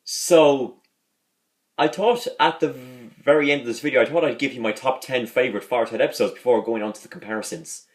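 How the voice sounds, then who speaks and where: A man's voice: mid-range voice, a little fast. Rambling man chatting casually on a vlog. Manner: rambling, repeats words and restarts often. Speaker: video host reviewing a sitcom.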